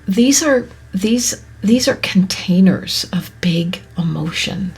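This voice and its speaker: A woman hosting a podcast, speaking in a soft, often whispery, reflective way, her voice catching with emotion. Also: mid-range voice, expressive, slow pace, vocal fry, slightly rough. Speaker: podcast host. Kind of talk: slow reflective monologue.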